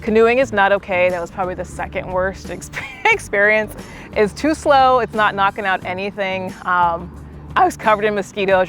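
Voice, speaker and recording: A young adult woman leading a workout, chatting casually and telling a travel story between exercise cues. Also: mid-range voice. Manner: chatty, animated, addresses viewers as team. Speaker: fitness instructor. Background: faint music.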